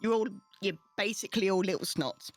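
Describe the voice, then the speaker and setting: A woman's voice: medium pitch, brisk, dry recording, faint music behind. A woman running a tabletop game as game master, teasing her players playfully.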